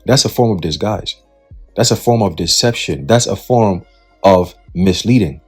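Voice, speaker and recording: A man's voice: low-pitched, animated, moderate pace, darkish tone, breathy edge, faint music behind. A man giving Bible prophecy commentary in an emphatic, repetitive way, often checking in with "right?" and "okay?". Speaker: online commentator.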